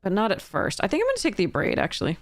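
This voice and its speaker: A woman's voice: mid-range voice, huge pitch swings, rapid-fire, no room sound, studio quality. A woman streaming a card game draft, thinking aloud in casual commentary and laughing at her own mistakes.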